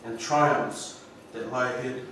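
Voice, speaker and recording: A man with a New Zealand accent giving an inspirational graduation speech, slow and emphatic, heard from far off through a hall's speakers. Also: mid-range voice, steady tone, fairly bright tone, a little hiss or hum. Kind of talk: ceremonial speech. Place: large school hall. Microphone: PA microphone, recorded from the audience. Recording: echoey hall from far off.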